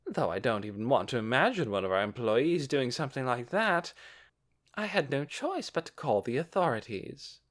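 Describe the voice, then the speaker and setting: A man voicing a sly, scheming male store owner who speaks smoothly and with false politeness in an audiobook. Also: mid-range voice, big pitch swings, moderate pace, fairly bright tone, voice pushed up.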